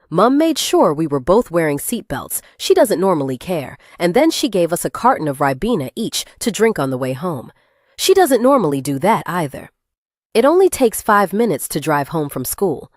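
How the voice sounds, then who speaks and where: A woman reading a first-person thriller aloud as an audiobook narrator, with expressive, shifting intonation. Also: deep voice, dry recording, clean studio sound.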